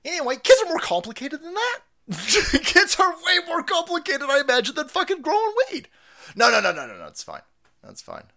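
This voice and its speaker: A man streaming ranting commentary, foul-mouthed and loud, laughing and jumping between mutters and yells. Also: very high voice, wildly swooping pitch, fairly quick.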